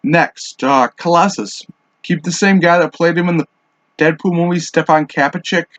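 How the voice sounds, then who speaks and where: This podcast host, a man with a fairly high, bright voice, rambles through a solo monologue on fan casting at a moderate pace and a steady tone. He smokes as he talks, offhand and full of fillers and restarts, recorded on a dull, dry lo-fi home mic with no echo.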